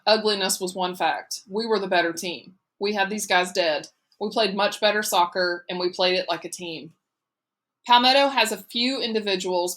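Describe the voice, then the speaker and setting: A woman reading a novel aloud as an audiobook narrator in a steady, measured way. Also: mid-range voice.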